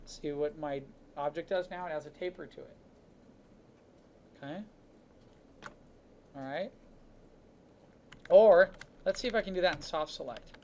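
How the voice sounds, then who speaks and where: A man teaching a 3D modeling class, talking casually through each step of a software demonstration with chatty asides. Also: on the high side, measured pace, pauses often, a little hiss or hum. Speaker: 3D modeling instructor. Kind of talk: live software demonstration lesson.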